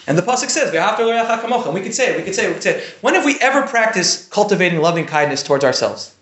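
A man's voice: sits high, racing. A man giving an informal Torah lesson in a conversational way, often checking in with "right?". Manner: conversational, often asks "right?", animated bursts. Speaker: Jewish teacher giving a class. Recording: echoey room.

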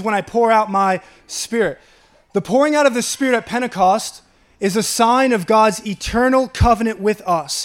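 A man with a Long Island accent preaching a sermon, reading scripture aloud and chuckling between his points. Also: high-pitched. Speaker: pastor.

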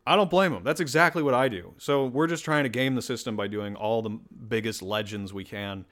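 A man's voice: mid-range voice, fairly quick, fairly bright tone. A man hosting a podcast alone, talking casually in a rambling, self-deprecating way. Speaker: podcast host. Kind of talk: casual solo podcast chat.

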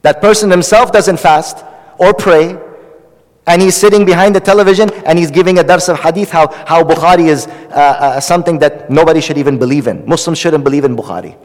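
A man preaches with passion, pleading and repeating himself for emphasis as he teaches hadith. His voice sits a little high for a man. Long reverb from a lecture hall trails each phrase. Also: a little fast. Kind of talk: impassioned sermon.

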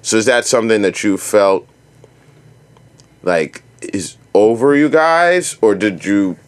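A male host and fellow artist asking questions in a halting way, often stopping to search for words. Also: lowish voice, expressive. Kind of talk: casual interview chat.

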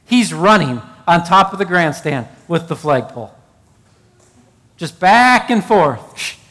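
A man's voice: a little high, expressive, slow, a bit bright, long reverb tail. A middle-aged man preaching a sermon as pastor, building emphasis and telling stories to illustrate his point. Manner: preaching with rising emphasis and storytelling asides.

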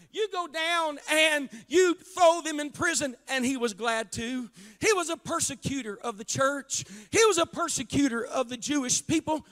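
A male pastor preaching an impassioned sermon, often shouting and stretching out his words, in a church. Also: very high voice. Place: church sanctuary. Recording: long reverb of a church hall.

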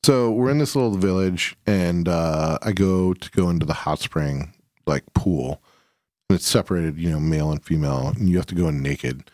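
A man's voice: low voice, moderate pace, darkish tone, no echo, studio quality. A man co-hosting a casual chat, laid-back and rambling, swearing freely as he tells travel stories.

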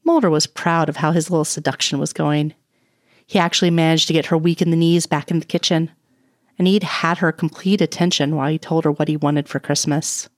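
Woman narrator, low-ish voice, soft and intimate read, dry close sound. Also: steady tone, fairly quick, dry recording. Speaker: audiobook reader. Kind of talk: reading romance fan fiction aloud.

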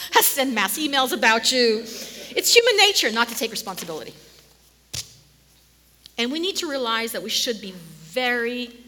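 A woman preaching a sermon, telling the story in an animated way and sometimes dropping to a near-whisper. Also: on the high side. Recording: long hall reverb.

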